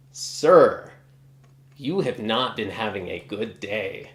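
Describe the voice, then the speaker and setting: A man's voice: fairly low pitch, animated, slow, a bit bright, reverberant. A man ranting casually in a vlog, exasperated and swearing often. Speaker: guitar hobbyist vlogger.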